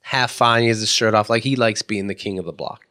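A man's voice: fairly low pitch, fairly quick, pushed and bright. A man co-hosting a podcast who makes wry jokes and chats casually about his neighborhood. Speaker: podcast co-host. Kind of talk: casual chat.

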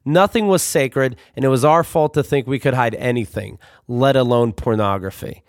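A young man telling comic stories about his youth in a wry, deadpan manner. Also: medium pitch, moderate pace, dry recording, clean studio sound. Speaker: storyteller. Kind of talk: comic storytelling.

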